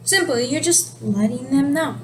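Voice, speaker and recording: Woman teacher, high voice, casual explainer, steady noise behind her. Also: moderate pace. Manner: explanatory, relaxed, self-correcting. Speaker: sign language teacher. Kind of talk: casual video lesson.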